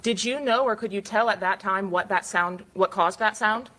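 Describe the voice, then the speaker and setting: A woman's voice: mid-range voice, pushed and bright, a little hiss or hum, low-quality recording. Formal woman attorney questioning a witness. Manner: measured and formal. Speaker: prosecuting attorney. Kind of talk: courtroom questioning.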